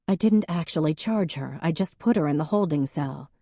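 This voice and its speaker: A woman's voice: sits low, animated, normal speed, mellow, no echo, studio quality. A woman voicing a young policewoman who gets flustered and stutters. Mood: defensive. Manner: stutters when upset.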